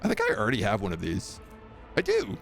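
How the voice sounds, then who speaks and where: A man's voice: fairly low pitch, wildly swooping pitch, fast talker, gravelly, a bit bright, soft background music. A man streaming a video game, giving casual, jokey commentary with playful asides.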